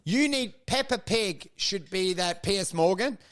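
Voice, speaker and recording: A man co-hosting a crude comedy podcast, riffing excitedly, swearing and laughing. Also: sits high, a little slow. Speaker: podcast co-host.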